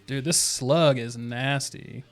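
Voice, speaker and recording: This is a young man streaming a video game, speaking slowly in a mid-range voice over soft background music. He rambles casually, stays relaxed and laughs to himself a lot between asides.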